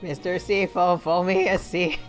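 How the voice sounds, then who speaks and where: A woman's voice: fairly low pitch, fairly even intonation, fairly quick. A woman streaming a game, chatting casually, giggly and self-deprecating. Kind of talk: casual let's-play commentary. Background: faint game music.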